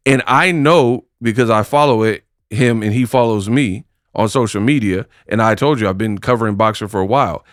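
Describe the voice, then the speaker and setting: A man's voice: lowish voice, normal speed, hardly any pauses, no echo, studio quality. Exasperated man ranting about boxing. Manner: exasperated, lots of rhetorical questions. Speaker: boxing commentary host. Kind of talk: casual commentary rant.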